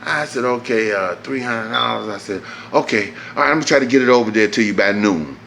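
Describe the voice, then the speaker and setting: A man, telling a profane, animated story that jumps high when he gets exasperated. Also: a little fast, creaky, slight background noise. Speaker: vlogger. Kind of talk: casual storytelling.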